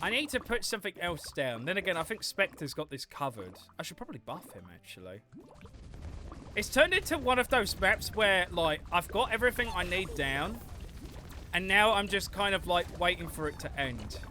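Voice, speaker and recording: Young male streamer, casual rambling chat with swearing, fairly high voice. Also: very animated, normal speed, sharp tone, slight background noise. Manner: rambling, swears freely, reads chat aloud. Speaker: livestreamer.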